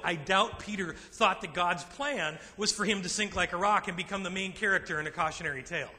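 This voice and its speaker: A man pastor preaching a sermon to a men's group, emphatic and animated, slipping into acted asides. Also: sits high. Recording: long reverb in a large hall.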